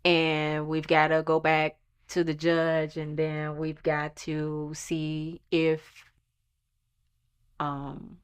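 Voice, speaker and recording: A woman's voice: low-pitched, clean tone. A woman recounting a long legal fight in an earnest, emphatic personal testimony. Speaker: storyteller recounting her lawsuit.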